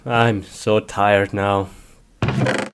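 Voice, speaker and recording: A man's voice: lowish voice, little pitch movement, extremely slow, noisy background. A man in a comedic skit casually narrating his actions as a game player, with frequent giggles.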